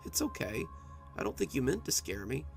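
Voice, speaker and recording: A man's voice: medium pitch, sing-song, normal speed, gravelly, faint music behind. A man voicing a young boy who is nervous but trying to be brave, speaking hesitantly with stammers in a storybook reading.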